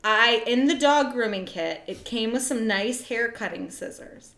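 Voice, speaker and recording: A woman's voice: on the high side, a little slow, a bit bright. A young woman co-hosting a podcast, chatting casually and giggling as she rambles. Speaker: podcast co-host. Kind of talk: casual chat. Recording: echoey room.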